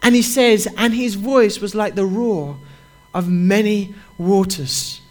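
High-voiced man preaching a fervent sermon. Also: slow pace, darkish tone. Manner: reads scripture aloud with rising emphasis; fervent, repetitive preaching cadence.

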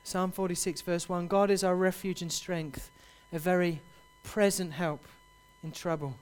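A man preaching a sermon, building to loud, impassioned repeated cries. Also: high voice, steady tone, a little slow.

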